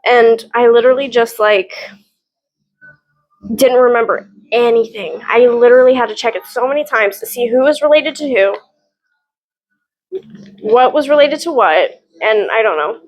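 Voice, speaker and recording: A woman's voice: a little high, unhurried, long pauses, poor audio. A woman reviewing books in a casual, rambling chat at home, gushing about what she read and swearing now and then. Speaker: book reviewer.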